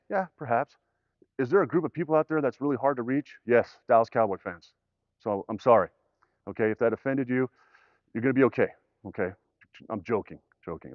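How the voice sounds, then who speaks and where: A man's voice: fairly low pitch, no room sound. A middle-aged man from the United States giving a suicide prevention talk in a conversational way, acting out quoted dialogue. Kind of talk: presentation talk with jokes and stories. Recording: dry, dull lo-fi sound.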